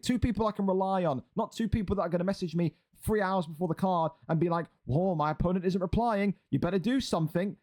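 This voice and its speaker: A man's voice: on the high side, darkish tone. An exasperated, sarcastic man, ranting and swearing as a streaming league host. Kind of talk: ranting livestream commentary.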